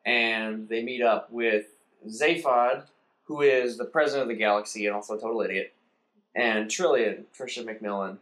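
A man in casual conversation, animatedly retelling a film's plot and briefly acting out the characters in quick put-on voices. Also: fairly low pitch, a bit bright. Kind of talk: casual chat.

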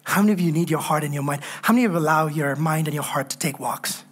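Speaking fast with a breathy edge to her deep voice, this woman delivers an exhorting sermon. She repeats phrases for emphasis and urges the congregation to respond.

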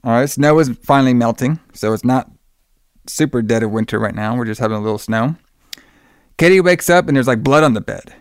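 Rambling man recapping a film, smooth and dry. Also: mid-range voice, brisk, dry recording. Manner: rambling, lots of fillers, acts out quotes in a raised voice. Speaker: podcast host recapping a movie. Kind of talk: casual chat.

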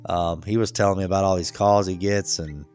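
Laid-back storytelling man, lowish voice. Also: fairly even intonation, brisk, a little mellow, clear, resonant tone, soft background music. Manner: laid-back, laughs a lot, acts out quotes. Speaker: podcast co-host. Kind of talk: casual storytelling chat.

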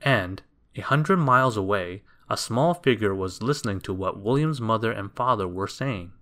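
A man reading a children's storybook aloud in a gentle, expressive, unhurried way. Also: lowish voice.

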